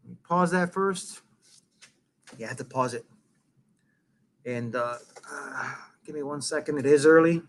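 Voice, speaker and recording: A middle-aged man hosting a casual live stream, rambling and swearing, with loud bursts that drop to muttering. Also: medium pitch, measured pace, pauses often, a little hiss or hum. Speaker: live-stream show host.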